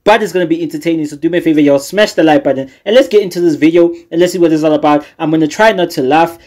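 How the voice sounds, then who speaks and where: A man's voice: fairly high pitch, racing, a little mellow. A man hosting a reaction video, talking to viewers in a hyped, slangy way. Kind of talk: casual reaction commentary.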